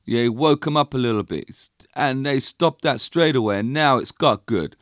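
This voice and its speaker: A middle-aged London man talks in a loose, opinionated monologue, wandering off on tangents before pulling himself back. His voice sits at an ordinary middle pitch, recorded dry and close with no room sound. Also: moderate pace, a bit bright, dry recording. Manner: rambling, opinionated, digressive. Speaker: music and dance teacher. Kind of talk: casual monologue.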